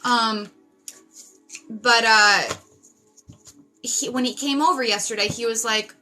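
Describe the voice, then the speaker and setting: A woman's voice: a little high, fairly even intonation, slow, pauses often, pushed and bright, faint music behind. A woman in her thirties giving an intense spiritual reading, emphatic and repetitive, swearing for emphasis. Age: 30s. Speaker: psychic reader. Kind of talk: spiritual tarot reading monologue.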